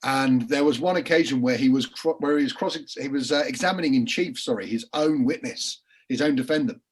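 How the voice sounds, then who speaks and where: A man on a panel telling lively courtroom anecdotes over a video call, with frequent restarts and laughing mid-story. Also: mid-range voice, fairly quick, husky. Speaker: crime writer and former barrister on a panel. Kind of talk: casual panel chat, anecdotes.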